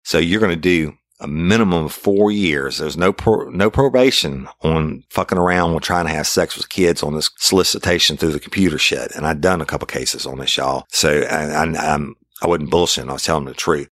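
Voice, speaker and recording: A man's voice: extremely low pitch, a little fast, few pauses, fairly bright tone, no room sound. A middle-aged man telling a blunt, profane police story in a casual way. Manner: profane, blunt, acts out his own confrontations.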